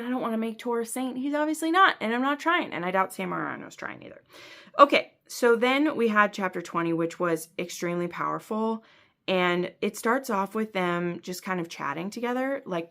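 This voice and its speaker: A woman's voice: lowish voice, gravelly, a bit bright. A woman book vlogger reading passages aloud and reacting with gushing enthusiasm between them.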